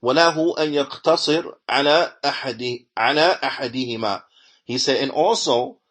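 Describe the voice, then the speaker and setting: Male teacher, mid-pitched, reads the text fast and then explains it slowly, restating each point. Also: a bit bright. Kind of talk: religious lesson reading and explaining a text.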